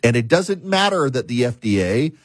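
Talk host, male, husky, emphatic storyteller, middle pitch. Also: sing-song, moderate pace, no room sound. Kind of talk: talk show monologue.

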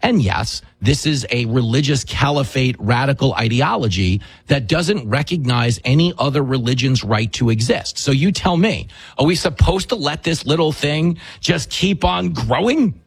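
A man's voice: mid-range voice, animated, moderate pace, vocal fry, slightly rough, dry recording, low-quality recording. A man hosting a talk show, delivering combative, rhetorical political commentary with mocking asides.

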